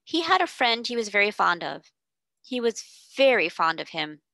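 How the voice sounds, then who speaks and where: A woman reading aloud, voicing a composed orphan girl with a soft, quietly firm manner. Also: mid-range voice, big pitch swings, normal speed, vocal fry, dry recording, heavily acted. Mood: earnest.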